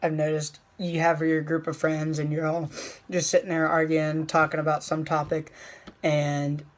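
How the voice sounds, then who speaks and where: A young man talking casually in a vlog, rambling with fillers and slowing down to stress his points. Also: fairly high pitch, monotone. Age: young adult. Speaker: vlogger. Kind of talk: casual motivational vlog talk.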